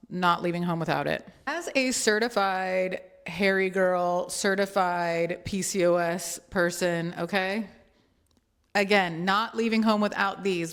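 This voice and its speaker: A woman with a slightly low-pitched voice talks through her travel bag as a beauty vlogger. She keeps it casual and chatty, tossing in playful, self-mocking jokes as she goes. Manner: playful and chatty, with joking asides. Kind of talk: casual chatty product walkthrough.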